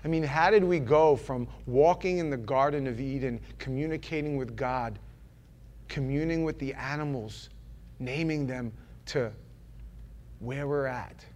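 A man from New York preaching a sermon, animated and joking, acting out little voices as he tells his stories. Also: mid-range voice, a little slow, slight background noise. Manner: animated, acts out voices and jokes.

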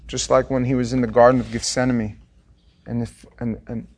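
A middle-aged male pastor delivering a sermon in a voice of ordinary, middle pitch. He drops to near-whispers and then climbs to loud, fervent peaks, acting out each quoted line. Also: flat delivery, moderate pace. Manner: impassioned, swings from hushed to loud, acts out quotes.

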